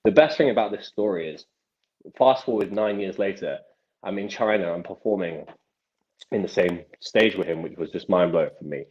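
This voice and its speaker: Deep-voiced young man, telling stories. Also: normal speed. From England. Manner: animated anecdote-telling with many restarts. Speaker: magician guest. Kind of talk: casual podcast storytelling. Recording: dull lo-fi sound.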